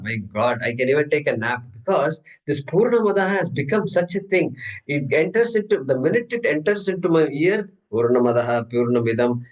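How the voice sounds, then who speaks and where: A man's voice: mid-range voice, rough recording. A man teaching an informal scripture class, humorous and conversational, often asking and answering his own questions. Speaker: Gita teacher.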